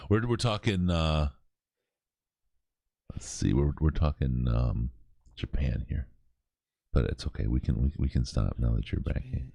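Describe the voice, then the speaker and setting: A man's voice: extremely low pitch, expressive, measured pace, creaky, long pauses, warm tone, slightly rough, dry recording. A man hosting a late-night charity podcast, reading out live comments, joking and laughing often, tired. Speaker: podcast host.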